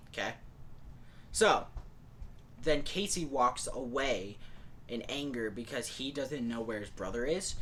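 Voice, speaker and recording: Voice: mid-range voice, fairly bright tone, a little hiss or hum. A podcast host casually retelling a movie plot in a rambling way, full of fillers like "like" and "and stuff".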